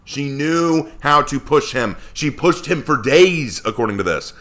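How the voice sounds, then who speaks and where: A man's voice: fairly high pitch, expressive, unhurried, fairly bright tone. A man giving a casual Bible lesson, talking conversationally and asking many rhetorical questions. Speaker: Bible teacher.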